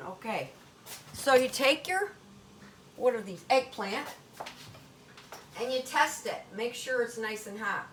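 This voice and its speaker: A woman's voice: a little high, expressive, slow, pauses often, a bit bright, a little hiss or hum. An older woman hosting a home cooking demonstration in her kitchen, talking in a chatty, folksy Italian-American grandmother way.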